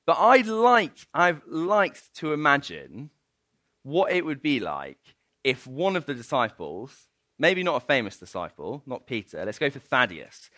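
Preacher telling a bible story, lively and jokey, bright tense voice, dry sound. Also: male voice, on the high side, no room sound. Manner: animated and playful, often laughing. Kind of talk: sermon with storytelling.

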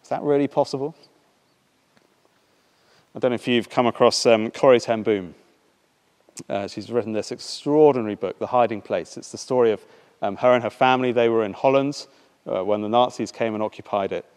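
A man preaching a sermon and reading a passage aloud, in a measured, unhurried way with some halting fillers. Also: medium pitch, a little mellow, smooth. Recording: long reverb in a large hall.

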